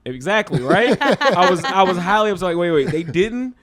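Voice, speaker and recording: A man's voice: sits high, lively intonation, moderate pace, fairly bright tone. A man from Philadelphia, a comedian guest on a podcast, telling rambling stories in casual chat and laughing at himself. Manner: rambling, laid-back storyteller who laughs at himself.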